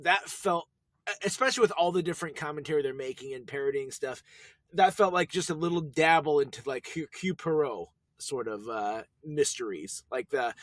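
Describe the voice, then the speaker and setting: A man's voice: a little high, a little fast, no room sound. Joking man on a dry mic. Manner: joking, self-deprecating banter. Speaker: podcast co-host. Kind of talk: casual chat.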